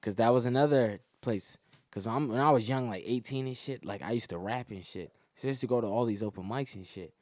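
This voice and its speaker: A young comedian guest from the Atlanta area of Georgia tells crude, boastful, slang-filled stories and laughs at his own jokes. His mid-range voice is brisk and a little mellow, with no room sound.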